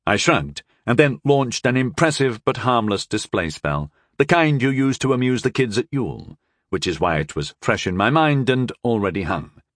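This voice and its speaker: A man's voice: mid-range voice, lively intonation, normal speed, no echo. A man narrating a first-person fantasy audiobook in a dry, wry storytelling manner.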